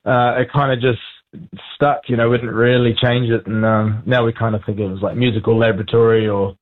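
A man's voice: mid-range voice, little pitch movement, brisk. A laid-back man with a New Zealand accent talks easily and laughs often. His voice comes down a tinny phone line, thin and narrow. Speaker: band frontman guest. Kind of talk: phone interview.

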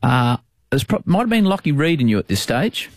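Animated man telling a story. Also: on the high side, no room sound, clean studio sound. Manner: animated storyteller, quick bursts of speech. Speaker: sports broadcaster, host. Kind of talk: casual chat, telling a story.

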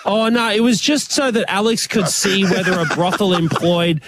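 A man with an Australian accent co-hosting a show, chatting casually in an animated, joking way. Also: high-pitched, heavy background noise. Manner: animated, joking, quick laughs. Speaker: radio co-host. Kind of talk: casual banter.

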